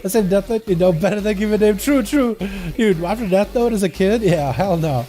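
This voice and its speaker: A man's voice: high-pitched, expressive, brisk, mellow. Rambling young male game streamer. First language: Russian. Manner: loose, rambling, slangy. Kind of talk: casual livestream chat with viewers. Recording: faint music behind.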